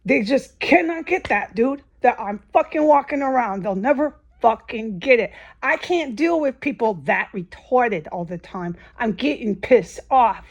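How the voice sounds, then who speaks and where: A woman's voice: a little high, animated, a little slow, few pauses. A woman vlogging an angry, profane rant, her voice rising sharply at times. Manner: agitated and profane, voice rising to near-shouts. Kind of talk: angry ranting monologue.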